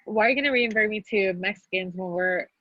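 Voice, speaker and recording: A woman's voice: medium pitch, fast talker, highs cut off. A woman from Texas in a casual, candid chat, teary at times and swearing freely. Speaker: podcast co-host.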